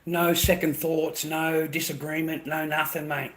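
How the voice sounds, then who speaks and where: A blunt Australian man rants casually to his viewers, repeating himself and calling them "mate". His voice is on the high side and a bit bright, with little pitch movement and a measured pace. The audio is poor.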